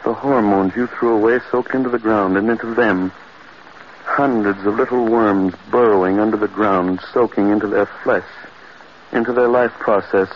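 An actor playing a frantic, grief-stricken man who shouts and breaks into cries, in 1940s radio acting style. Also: fairly low pitch, fairly even intonation, moderate pace, natural voice. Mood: bitter. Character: man haunted by a horror, frantic and grieving. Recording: muffled old radio recording with hiss.

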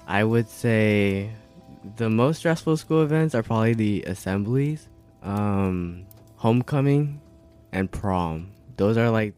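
Low-voiced Californian co-host, hesitant. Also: male voice, a little mellow. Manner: thoughtful, hesitant. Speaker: podcast co-host, high school student. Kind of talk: casual chat.

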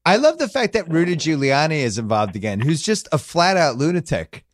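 A man's voice: a little high, very animated, a little fast, no room sound. Dry-voiced man telling loose stories. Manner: loose, rambling, joking storytelling. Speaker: podcast host. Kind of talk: casual chat.

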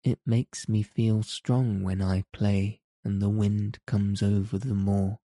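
A man's voice: lowish voice, little pitch movement, slow, warm tone, dry recording, clean studio sound. A man voicing a timid, lonely little girl in an audiobook, with hesitant, stammering pleas. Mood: timid pleading. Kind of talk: audiobook character reading.

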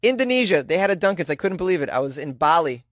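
A man's voice: a little high, big pitch swings, quick pace, dry recording, clean studio sound. A man hosting casual news commentary, rambling and joking through rhetorical questions.

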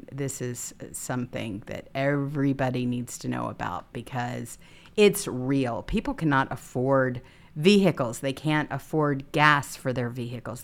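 A woman's voice: very deep voice, gravelly. A woman hosting a political talk show, indignantly reading headlines and commenting. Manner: indignant, reads headlines aloud. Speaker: host.

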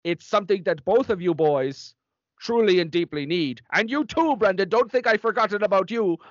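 Guy doing a bossy old nun voice, high and sharp, scolding everybody, dry dull lo-fi sound. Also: expressive, moderate pace, no echo. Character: stern older nun, a woman, strict and threatening. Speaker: host.

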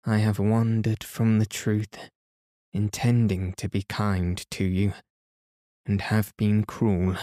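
A man reading the part of a remorseful elderly father who talks softly and slowly, pleading as he speaks. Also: fairly low pitch, little pitch movement, no room sound, studio quality. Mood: confessing.

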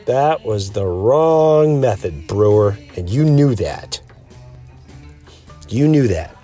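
Man telling a rambling story. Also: on the high side. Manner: acts out quoted voices. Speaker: podcast host. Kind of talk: casual monologue.

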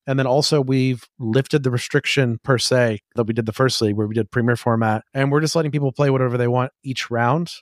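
A man's voice: medium pitch, fairly even intonation, no room sound, clean studio sound. A man hosting a podcast, chatting casually and eagerly. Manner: eager, rapid, enthusiastic talk. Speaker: podcast host.

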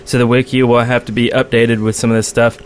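A man co-hosting a casual gaming podcast, chatty and quick to laugh, humming to himself as he reads through a list. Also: medium pitch, flat delivery, clean tone. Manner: chatty, laughs often, hums while reading a list. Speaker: podcast co-host. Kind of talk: casual chat.

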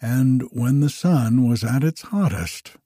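A man narrating a fairy tale in a slow, measured, expressive storybook reading. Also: mid-range voice, no echo, studio quality.

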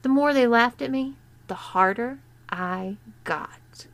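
A woman narrating a written story in a slow, deliberate reading. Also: a little high, fairly bright tone. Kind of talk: scripted narration of an erotic story.

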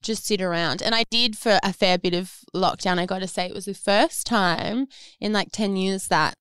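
A woman's voice: mid-range voice, normal speed, a bit bright, clear, resonant tone, dry recording, clean studio sound. Giggly young Australian woman. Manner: giggly, self-mocking. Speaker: musician guest. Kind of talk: casual interview chat. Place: studio room at a label office.

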